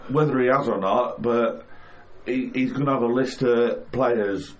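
A man co-hosting a casual football chat, explaining with worked examples and halting now and then. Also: medium pitch. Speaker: podcast co-host.

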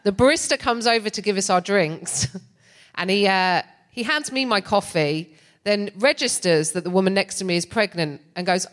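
A woman in middle age doing stand-up on a big theatre stage. Her delivery is sardonic and lively, and she laughs between lines as she tells her story into a stage microphone. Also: medium pitch, normal speed. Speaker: comedian.

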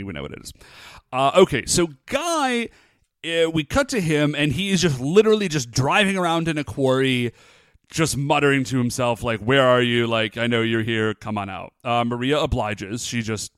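Mid-range in pitch and moderately paced, a man co-hosts a podcast in echo-free studio quality. His casual recap of a TV episode is animated and chatty, loaded with "like" and "uh."

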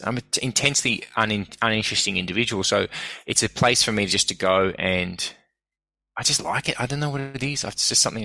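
Bright, sharp-edged Australian man. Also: fairly low pitch, creaky, rough recording. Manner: animated, ranting, swears freely. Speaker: guest, comedian and broadcaster. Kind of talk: casual interview chat.

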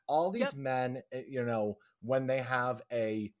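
A man's voice: mid-range voice, slow pace. A man co-hosting a podcast, irreverent and joking, swearing freely as he rambles about the episode. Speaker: podcast co-host. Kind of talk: casual chat.

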